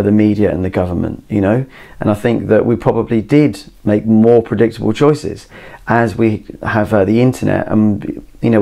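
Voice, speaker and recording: A man's voice: lowish voice, gravelly, darkish tone. A man, hosting a solo podcast from a garden shed, rambling with many fillers and restarts. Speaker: podcast host. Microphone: camera mic.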